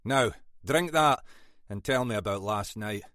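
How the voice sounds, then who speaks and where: In an audiobook, a man voices an older Scottish male detective inspector who is stern, brusque and scolding, with a dry wit. The narrator's voice is lowish, a little slow and a bit bright. There's no echo.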